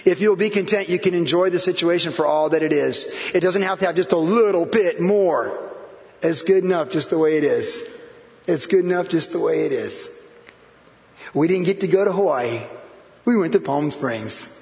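A man's voice: on the high side, normal speed, a little mellow. A middle-aged man preaching a sermon as pastor, in a loose conversational way with many fillers and repeated phrases. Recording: roomy hall echo, dull sound.

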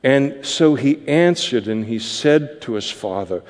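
Male preacher, mid-pitched, slow and explanatory, sermon in a reverberant hall. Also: animated, darkish tone. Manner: conversational, explanatory. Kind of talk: verse-by-verse sermon.

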